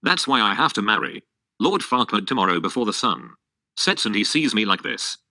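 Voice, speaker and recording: A male text-to-speech voice reading the lines of a sad young princess under a spell in a flat, synthetic way. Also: on the low side, normal speed, no room sound, exaggerated voice.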